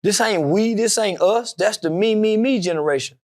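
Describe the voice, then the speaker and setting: A brash, profane man speaks in an unusually high voice, his clear in every line. He rambles loosely from one point to the next, answering as a guest in a casual interview. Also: normal speed, a little mellow.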